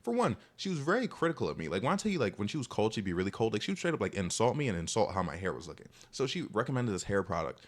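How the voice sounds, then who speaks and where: A young man with a somewhat low voice tells a casual storytime at a rapid clip. He rambles with constant "like" and "you know" fillers, and his pitch leaps upward on his animated asides.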